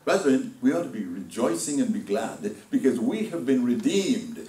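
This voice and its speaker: A man delivering a sermon as a deacon, swinging between loud outbursts and hushed asides. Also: medium pitch, big pitch swings, normal speed, echoey room, recorded from a distance, low-quality recording. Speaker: deacon preaching. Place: church hall.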